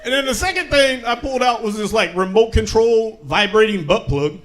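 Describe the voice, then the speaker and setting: Young male comic from Tacoma, high and animated, self-mocking stand-up delivery with chuckles. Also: brisk. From Tacoma, Washington. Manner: laid-back, self-mocking, chuckles through punchlines. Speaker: stand-up comedian. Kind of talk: stand-up comedy set. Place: comedy show with live audience.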